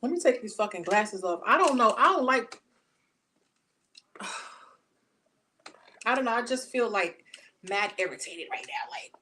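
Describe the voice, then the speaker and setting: A woman giving a casual tarot reading, talking bluntly and profanely with animated storytelling. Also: a little high, a little slow, long pauses, a little hiss or hum. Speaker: tarot reader.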